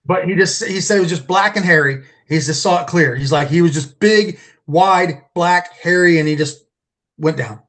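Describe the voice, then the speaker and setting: High-voiced man telling a rambling story. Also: normal speed, fairly bright tone. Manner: rambling, repeats and restarts words. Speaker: podcast guest, Bigfoot researcher. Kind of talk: casual storytelling.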